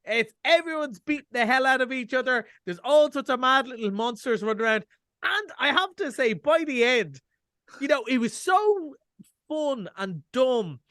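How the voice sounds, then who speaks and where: A man's voice: very high-pitched, animated, normal speed, fairly bright tone, dry recording, studio quality. A middle-aged Irish man reviewing films on a radio show over a video call, chatty, wry and self-mocking. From Ireland. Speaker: film reviewer. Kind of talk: casual radio chat.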